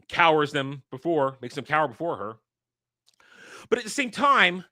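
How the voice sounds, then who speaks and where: A man delivering an angry, profane rant as the host of a commentary channel, sometimes breaking into shouts. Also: fairly high pitch, no room sound, clean studio sound. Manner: heated, profane, shouting at times.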